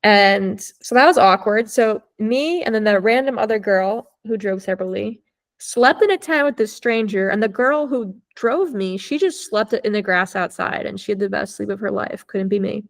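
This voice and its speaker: A woman's voice: mid-range voice, moderate pace, gravelly. A young woman telling a personal story as a podcast guest, chatty and full of "like", swearing freely. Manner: acts out quoted dialogue. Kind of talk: casual storytelling.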